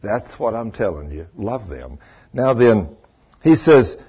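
A man's voice: mid-range voice, big pitch swings, unhurried, husky. An older man, a pastor telling a story in a sermon in a folksy, chatty way and chuckling often as he talks to the congregation. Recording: muffled lo-fi sermon recording.

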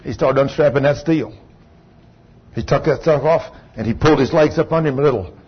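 A man's voice: medium pitch, a little fast, a little hiss or hum. A man preaching a sermon in a fervent, folksy storytelling way. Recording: dull lo-fi recording. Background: congregation saying amen.

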